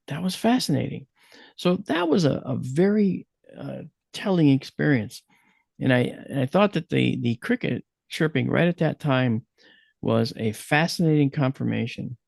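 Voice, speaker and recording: A man from the USA telling a personal story in an online talk, acting out his own quotes with lively shifts. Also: mid-range voice, gravelly, no echo. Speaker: guest speaker.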